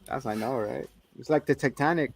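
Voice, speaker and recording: A man's voice: mid-range voice, fairly quick, creaky, crowd noise. Jokey man reviewing a movie. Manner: jokey, laughs often, swears casually. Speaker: podcast co-host. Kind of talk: casual movie review chat.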